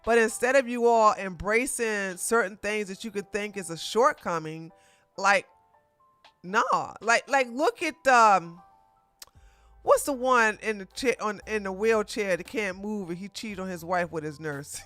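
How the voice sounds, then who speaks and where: A woman streamer giving casual livestream commentary while reviewing a show, animated and laughing often, with frequent restarts. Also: mid-range voice, measured pace, dry recording, faint music behind.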